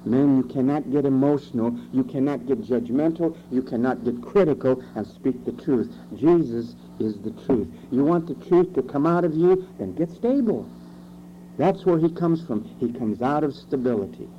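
A man's voice: mid-range voice, lively intonation, moderate pace. A man preaching a sermon, emphatic, asking rhetorical questions and shifting his pace. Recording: dull lo-fi recording with faint hum.

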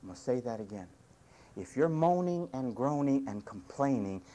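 Male pastor, sermon, emphatic and wry, swoopy lively delivery. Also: medium pitch, moderate pace. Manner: emphatic, punchy short commands; wry humor, mimics whiny complainers.

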